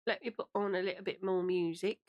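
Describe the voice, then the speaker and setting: A woman's voice: mid-range voice, fairly even intonation, fast, lo-fi sound. A woman streamer chatting playfully to her chat, her voice strained. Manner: playful, chatty, addresses chat, slips into song snippets.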